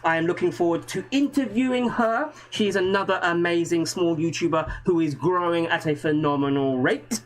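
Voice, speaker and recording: A man hosting a live stream, talking in an energetic, chatty way and greeting viewers. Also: sits high, rough recording. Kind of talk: casual live stream talk.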